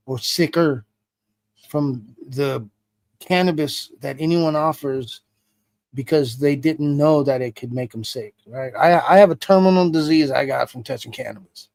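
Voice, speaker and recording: An interview guest tells a story casually and animatedly, swearing heavily throughout. His voice is a little high and creaky, at a measured pace, with no echo.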